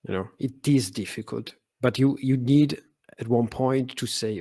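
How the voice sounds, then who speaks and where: A man's voice: mid-range voice, moderate pace, gravelly, mellow, no room sound. Italian-accented man who stutters, dry sound. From Italy. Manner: stutters, with frequent fillers and repeated words. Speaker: podcast guest. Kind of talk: conversational interview.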